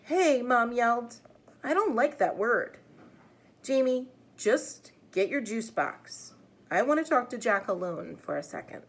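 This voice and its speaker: Woman reading as mother, firm, scolding, earnest, lively pitch. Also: measured pace. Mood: stern. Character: caring mother, firm and disapproving.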